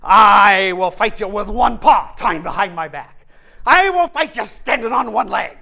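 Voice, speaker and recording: A man voicing a boastful, blustering male lion who loudly challenges others to fight, in a sermon retelling of a storybook scene. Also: high voice, animated, measured pace, vocal fry, pitched above the performer's own voice, heavily acted. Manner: loud swaggering challenges.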